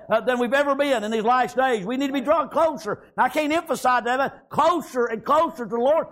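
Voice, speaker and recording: A man preaches a revival-style sermon. He reads scripture slowly and deliberately, then punctuates his points with shouts and a constant stream of amens. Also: very high-pitched. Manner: emphatic, frequent "amen" and "praise God"; drawn-out scripture reading with pauses.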